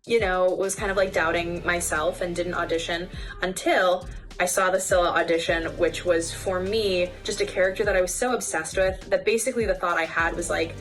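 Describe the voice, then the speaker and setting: A woman's voice: on the low side, steady tone, a little fast, faint music behind. A woman in a musical's cast recounting how she auditioned, earnest, grateful and chatty. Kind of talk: interview recollection.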